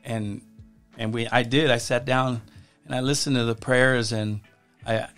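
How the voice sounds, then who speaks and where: A man speaking as a podcast guest, telling his life story in a halting way and often repeating his words. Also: medium pitch, little pitch movement, a bit bright, faint music behind. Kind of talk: personal testimony in casual conversation.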